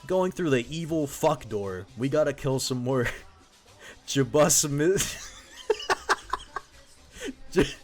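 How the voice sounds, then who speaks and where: A man's voice: mid-range voice, animated, drawn-out words, pauses often, soft background music. A young man doing profane, joking gameplay commentary as a voice-over, laughing at his own gags. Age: young adult. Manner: crude, profane and irreverent. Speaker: video essay host.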